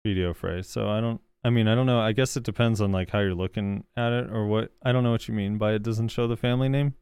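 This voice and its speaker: On a gaming podcast, a male co-host reads out viewer comments and reacts loosely and hesitantly, with plenty of fillers. His voice is on the low side, steady, fast, darkish, clear and resonant, in a dry recording.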